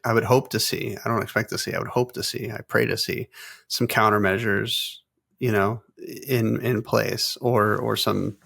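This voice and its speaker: A man's voice: on the low side, steady tone, normal speed, vocal fry, a bit bright, slightly rough, no echo, clean studio sound. A man co-hosting a tech podcast, talking in a rambling, casual way with many restarts and fillers. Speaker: podcast co-host. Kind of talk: casual chat.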